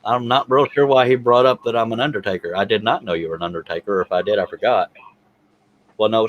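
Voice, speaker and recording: Low-voiced joking man on a livestream panel. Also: highs cut off. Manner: joking, laughs often, self-deprecating. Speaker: panel host reading chat questions. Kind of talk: casual livestream chat.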